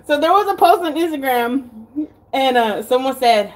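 A woman's voice: sits high, lively intonation, normal speed. A woman with a Texan accent chatting casually in a home cooking vlog, rambling and giggling, cursing now and then. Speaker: vlogger. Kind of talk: casual chat. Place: home kitchen.

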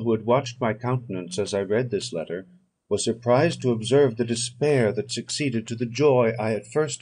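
Male audiobook narrator with a husky voice and a measured, solemn delivery. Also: on the low side, darkish tone. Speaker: audiobook reader.

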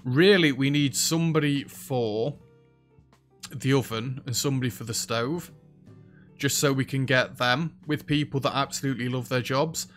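A man giving casual, chatty commentary as he plays a restaurant sim, reacting loudly to what happens in the game. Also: mid-range voice, moderate pace. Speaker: let's play host. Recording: faint background music.

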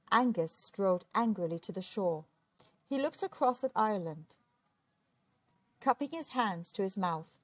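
A woman reading a children's storybook aloud, expressive and steady. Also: medium pitch, unhurried, dry recording. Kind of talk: children's book read aloud.

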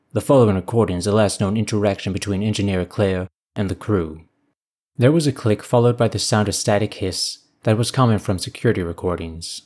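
A man narrating a science fiction story in a measured, even storytelling manner. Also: on the low side.

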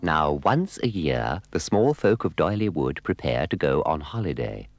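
A man's voice: extremely low pitch, big pitch swings, moderate pace. A man narrating a storybook record in an arch, playful, wry manner.

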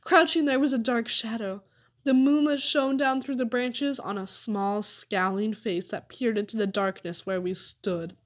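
A woman narrating a children's story aloud with an expressive reading. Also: on the high side, measured pace. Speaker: audiobook reader.

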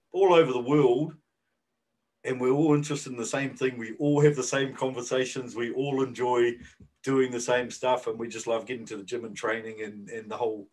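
This New Zealand-accented man co-hosts a podcast in a mid-range voice, drifting through casual chat full of fillers and hesitation. The audio quality is poor.

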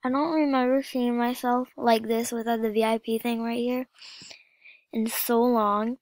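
Slow, high-voiced whispery young woman. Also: steady tone, no echo. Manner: often drops into a soft whisper. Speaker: gaming vlogger. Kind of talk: casual gameplay vlog commentary.

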